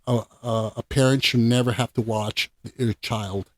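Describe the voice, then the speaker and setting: A man's voice: medium pitch, fairly even intonation, normal speed. A man hosting a casual film review podcast, talking enthusiastically and emphatically. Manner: enthusiastic, emphatic, laughs easily. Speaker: podcast host.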